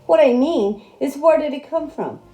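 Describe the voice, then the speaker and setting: A woman's voice: high-pitched, animated, moderate pace, warm tone, faint music behind, pitched above the performer's own voice. A woman voicing a fussy, bossy male duck in a storybook read-aloud, huffy and boastful.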